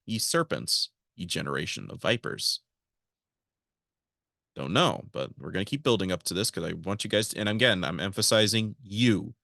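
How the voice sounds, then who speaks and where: A man's voice: fairly low pitch, a bit bright, dry recording, clean studio sound. A man hosting a podcast, reading a monologue from notes and breaking off into casual asides to his listeners. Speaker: podcast host.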